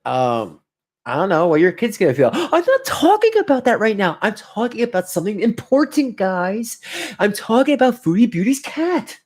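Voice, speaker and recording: A man hosting a casual reaction video, animated and incredulous, laughing often as he mocks what he watches. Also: high-pitched, a little fast. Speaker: reaction commentary host.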